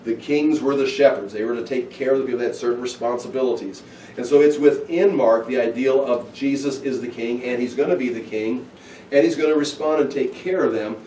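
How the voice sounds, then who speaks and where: A man teaching through a Bible passage, talking casually and acting out the scenes with lively bursts. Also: mid-range voice, a little fast, slight background noise. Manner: animated, acts out scenes with excited outbursts. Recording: echoey room, heard from a distance.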